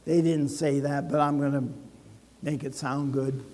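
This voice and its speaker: An older man preaches slowly, drawing out his words with dramatic pauses and a wry, joking storytelling manner. His voice sits high for a man. The sound carries a long reverb from a church sanctuary. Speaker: pastor. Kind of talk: sermon.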